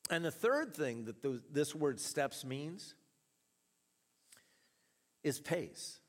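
A man delivers a sermon in a church hall, his voice sitting a little high and swinging widely in pitch. He preaches as a storyteller, chuckling along the way, and the sound carries a long reverb from the hall. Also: sing-song, takes it slowly. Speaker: pastor.

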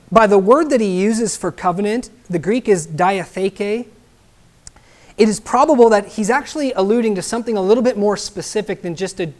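Male pastor, emphatic expository sermon, keeps checking in with "right?". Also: sits high.

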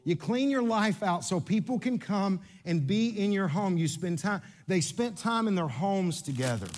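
A man preaching a sermon, animated and playful, joking with the congregation. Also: high-pitched, moderate pace. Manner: animated, playful, coaching volunteers on stage. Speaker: pastor.

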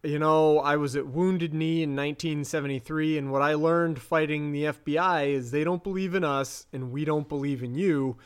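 A man's voice: fairly high pitch, steady tone, normal speed, hardly any pauses, clean tone, close to an everyday voice. A man doing a stern old man. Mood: defiant.

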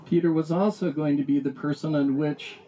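A man's voice: a little high, steady tone, fairly quick, warm tone, dull audio, slight background noise. A man teaching a Bible lesson, reading verses aloud and asking rhetorical questions as he explains them. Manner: reads scripture aloud then explains it, asks rhetorical questions.

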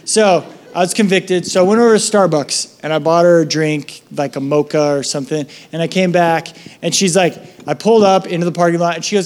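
A man pastor preaching a sermon, telling stories with lively acted-out voices and dropping soft for reflective moments and prayer. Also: fairly high pitch, fairly quick, few pauses. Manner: animated storytelling, acting out voices in his anecdotes.

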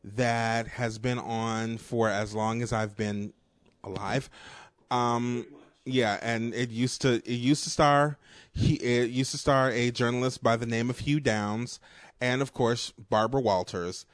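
Man, casual podcast chat, rambling, profane, medium pitch, dry sound. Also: fairly even intonation, measured pace, no room sound. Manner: profane, rambling storyteller with frequent fillers. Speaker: podcast co-host.

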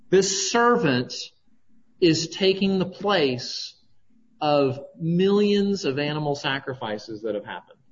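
A pastor with a medium-pitched voice works verse by verse through a scripture passage in his sermon, regularly checking in with listeners through "right?" asides. The audio is lo-fi.

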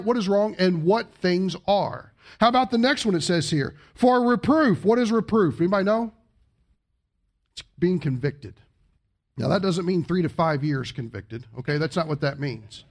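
A man preaching a sermon to a congregation, conversational and joking, with big swings between loud emphasis and quiet asides. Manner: animated, with big swings in pitch and volume. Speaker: pastor. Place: church service before a congregation.

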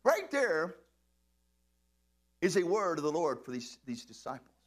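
High, lively-voiced male preacher. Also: a little slow. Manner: animated, playful preaching that breaks into shouts and laughter. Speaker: pastor. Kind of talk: sermon.

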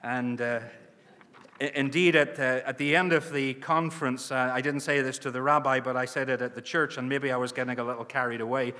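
Man, earnest church mission preacher, emphatic, bright tone, long hall reverb. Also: mid-range voice, steady tone, a little fast. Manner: earnest, emphatic, with frequent restarts. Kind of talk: preaching address.

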